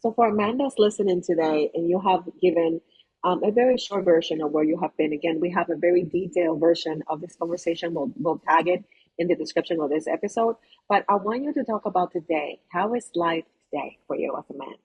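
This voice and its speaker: Effusive woman interviewer, husky voice. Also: fairly low pitch, fairly quick, a little mellow, highs cut off. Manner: effusive, encouraging questions. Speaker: podcast host.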